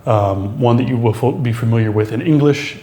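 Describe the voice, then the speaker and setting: Halting man teaching French accents. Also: medium pitch, mellow, roomy sound. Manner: halting, many fillers and restarts. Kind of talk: explaining French accent marks.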